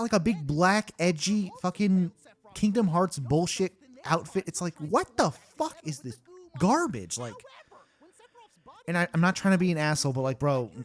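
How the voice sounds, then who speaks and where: A man hosting a casual commentary track, ranting with lots of swearing and fillers. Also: a little high. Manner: ranting, profane, rambling with many fillers. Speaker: YouTube host. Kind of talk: casual behind-the-scenes commentary.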